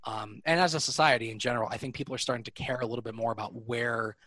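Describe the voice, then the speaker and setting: A man's voice: mid-range voice, racing, bright, forceful tone, dry recording. A man with a New York accent hosting a podcast, chatting casually in a rambling, joking way that keeps interrupting itself. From New York area. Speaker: podcast host. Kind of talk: casual chat.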